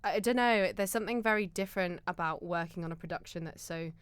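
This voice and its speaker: A woman's voice: fairly low pitch, fast talker, clean tone, no room sound. A woman with a southern English accent, a musical theatre actor and guest, talking in a chatty and enthusiastic way. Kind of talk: casual chat.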